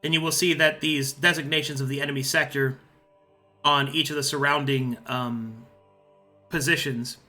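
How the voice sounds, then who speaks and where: A man's voice: a little high, steady tone, moderate pace, sharp tone, faint music behind. A man running a tabletop game, explaining the setting in a loose, casual way with fillers and restarts. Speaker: game master.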